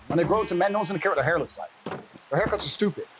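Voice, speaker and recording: A man's voice: high-pitched, very fast, background noise, pitched above the performer's own voice, close to an everyday voice. A man retelling his angry, principled father's blunt, swearing outburst in a raised voice. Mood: furious.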